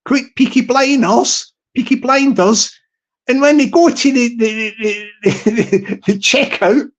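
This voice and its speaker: A man's voice: very high-pitched, a little slow, muffled recording. A young man hosting a live stream, telling a rambling comic story with lots of restarts and asides.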